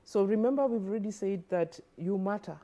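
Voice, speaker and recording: A woman's voice: medium pitch, fairly quick, mellow. A woman, a guest expert on a studio television interview, explaining earnestly and often repeating words as she advises parents.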